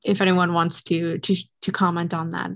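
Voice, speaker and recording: A woman's voice: fairly low pitch, flat delivery, moderate pace, no room sound. A woman facilitating audience questions on a panel over a video call, speaking casually.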